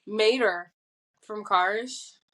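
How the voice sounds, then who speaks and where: A young woman co-hosting a podcast in loose, slangy banter. She teases her partner and laughs often. Her pitch is moderate and her delivery is relaxed. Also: extremely slow, low-quality recording. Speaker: podcast co-host. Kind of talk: casual chat.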